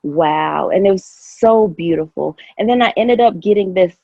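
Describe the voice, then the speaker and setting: A woman's voice: mid-range voice, moderate pace, vocal fry, slightly rough, dry recording, phone-quality sound. A woman guest in casual conversation, talking in an emotional, effusive, rambling way with many fillers. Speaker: podcast guest.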